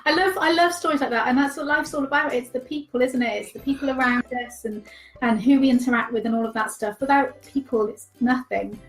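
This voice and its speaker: A woman host keeps her guest talking with short, encouraging replies and heartfelt reactions. Her voice sits a little high, the room is roomy and echoey, and faint music plays behind her. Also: brisk. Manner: encouraging, affirming, many short backchannels. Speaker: host, interviewer. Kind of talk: interview chat.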